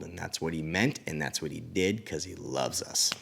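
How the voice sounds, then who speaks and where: A man who teaches children at church, retelling a Bible story in a casual, animated way with chatty asides. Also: deep voice, normal speed, creaky.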